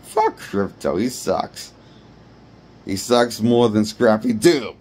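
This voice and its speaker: A man's voice: lowish voice, lively intonation, slow pace, darkish tone, breathy edge. A man giving a rambling, blunt and profane movie review. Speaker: movie critic. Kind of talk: ranting film review.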